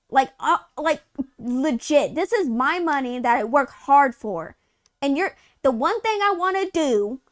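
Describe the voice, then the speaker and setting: Brief: woman, high voice, live-stream co-host, furious profane rant, dry close sound. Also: fairly bright tone, dry recording. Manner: heated, profane ranting; exasperated rhetorical questions. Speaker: co-host of a live gaming news show. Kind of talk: casual live-stream chat.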